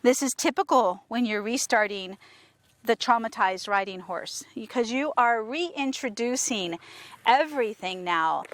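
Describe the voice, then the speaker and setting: A woman horse trainer talking casually to viewers while working a horse, coaxing it with soft praise and explaining with enthusiasm. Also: a little high, expressive, measured pace, dry recording. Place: outdoors with a horse.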